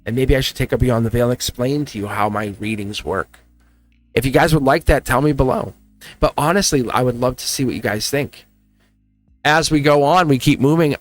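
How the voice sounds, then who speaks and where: A man giving a casual tarot reading to his viewers, warm-hearted and emotional, with frequent laughs and asides. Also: mid-range voice. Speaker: tarot reader.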